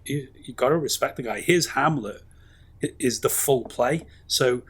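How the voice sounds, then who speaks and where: Husky, rambling man. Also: medium pitch, normal speed. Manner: rambling, enthusiastic, many fillers and asides. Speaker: podcast co-host. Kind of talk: casual film review chat.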